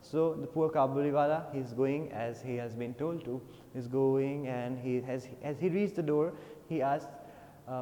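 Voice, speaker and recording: Indian English teacher explaining a story. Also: male voice, medium pitch, measured pace, warm tone, a little hiss or hum. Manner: reads passages, then paraphrases with many fillers. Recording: long reverb.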